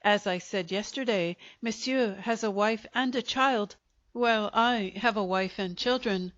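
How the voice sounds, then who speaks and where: A woman's voice: mid-range voice, a little slow, a bit bright, no echo, highs cut off, close to an everyday voice. A woman voicing a sad, urbane male French undertaker who speaks with polite regret. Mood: politely sad. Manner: courteous, regretful.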